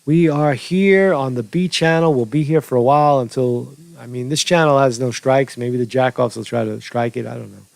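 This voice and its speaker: Gravelly man rambling through casual commentary. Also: medium pitch, fairly even intonation, a little mellow, no room sound. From New York. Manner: rambling, halting, frequent restarts and fillers. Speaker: news commentary host. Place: home studio.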